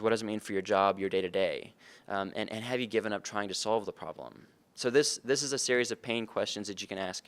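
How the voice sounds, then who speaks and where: Conference speaker, male, low smooth voice, earnest and conversational. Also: a bit bright. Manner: earnest, conversational, addresses audience with questions. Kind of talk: conference talk. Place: conference room.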